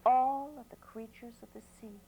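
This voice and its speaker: A man's voice: very high-pitched, fairly even intonation, moderate pace, creaky, breathy edge, narrow, tinny audio, voice pushed up, full character voice. A storyteller voicing the gracious sea king Rin Jin.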